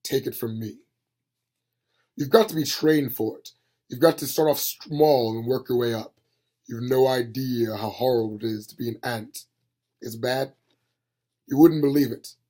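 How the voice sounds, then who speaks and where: A man voicing Death, a grim, weary male reaper who lectures in a flat, matter-of-fact way, in an amateur audiobook reading. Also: mid-range voice, measured pace, long pauses, natural voice. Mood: dry.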